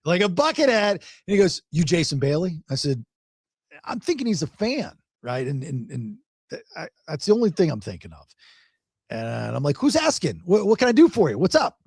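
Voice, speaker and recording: A man's voice: a little high, moderate pace, breathy edge, no room sound, clean studio sound. A male podcast host, telling a long story in casual chat, rambling and repeating words. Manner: rambling, repeats words, animated when quoting others.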